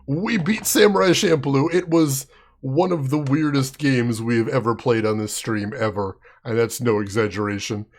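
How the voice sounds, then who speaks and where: A man streams a game live and chats casually with viewers, laughing often and reading out their names as he answers. His voice is medium in pitch and moves at a moderate pace.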